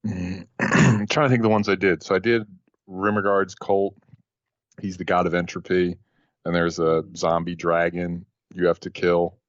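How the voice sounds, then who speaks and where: A man's voice: low-pitched, little pitch movement, moderate pace, no room sound. A man co-hosting a casual podcast chat, laid-back and quizzing the others. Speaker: podcast co-host. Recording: dull lo-fi recording.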